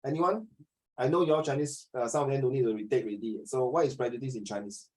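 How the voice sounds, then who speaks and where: A man's voice: medium pitch, fast, darkish tone, low-quality recording. A Singaporean man teaching a class, chatty, slipping Chinese into his English and acting out little dialogues. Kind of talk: classroom lesson.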